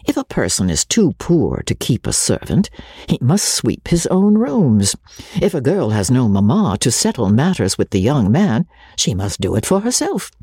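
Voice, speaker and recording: Man, storybook narration, breathy, very wide pitch range, dry close sound. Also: dry recording. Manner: expressive, often dropping to a breathy near-whisper. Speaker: audiobook narrator.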